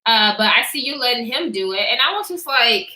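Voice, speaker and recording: A woman's voice: on the high side, fairly quick, roomy sound. A young woman vlogger casually telling a story time, acting out what people said and laughing often. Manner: animated, acts out quotes, reads live chat, laughs often.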